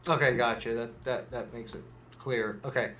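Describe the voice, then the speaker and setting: A man's voice: mid-range voice, fairly even intonation, moderate pace, a bit bright, soft background music. A man reading out quirky news stories on a casual show, stumbling and joking along the way. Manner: reads articles, stumbles and restarts, jokey asides. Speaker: news segment reader. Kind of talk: casual news read on a podcast.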